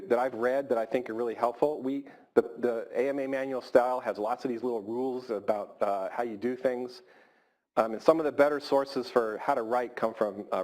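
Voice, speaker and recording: A man's voice: mid-range voice, a little mellow. A middle-aged man, a surgeon, giving an informal grand rounds lecture in a hall, repeating words for emphasis. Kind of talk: conversational lecture.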